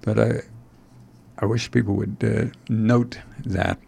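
A man hosting a talk show in casual chat, rambling and halting with frequent fillers and wry asides. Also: lowish voice, flat delivery, gravelly, a little mellow, husky. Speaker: host.

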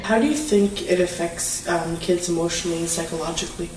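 A woman interviewer asking calm, direct questions for a documentary. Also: on the low side, brisk. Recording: echoey room, voice from far off.

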